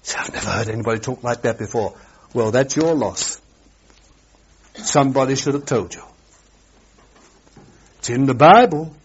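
A man's voice: medium pitch, animated, moderate pace, long pauses, husky. Dramatic preacher man, lo-fi recording. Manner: dramatic, swings from loud exclamations to hushed asides. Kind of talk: sermon. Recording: dull lo-fi sermon recording.

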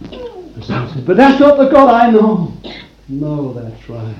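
Emphatic preacher man, lively voice. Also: high-pitched, normal speed, dull audio. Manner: emphatic, swinging from loud declarations to hushed asides. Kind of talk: sermon. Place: room with a congregation.

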